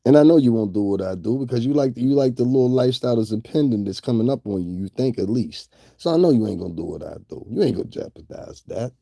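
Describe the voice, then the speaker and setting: A man's voice: mid-range voice, animated, fast, gravelly, hardly any pauses, mellow, no echo, studio quality. A man, talking casually and directly to a rival online, laid-back and laughing often. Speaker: YouTube commentator. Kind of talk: casual direct-address commentary.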